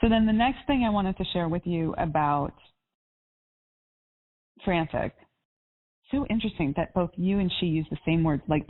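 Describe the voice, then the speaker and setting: Upbeat woman coach over a phone line. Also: sits low. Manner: upbeat, encouraging, spiritual. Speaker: life coach. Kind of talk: coaching call. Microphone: phone or call line. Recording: tinny phone-line audio.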